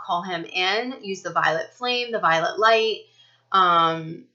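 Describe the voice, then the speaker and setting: A woman with a bright, forceful voice talks through a spiritual card reading in a rambling, earnest way, full of "you know" and "um". The recording sounds muffled and lo-fi. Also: mid-range voice. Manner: rambling, earnest, filler-heavy. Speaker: spiritual reader. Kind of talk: casual energy reading monologue.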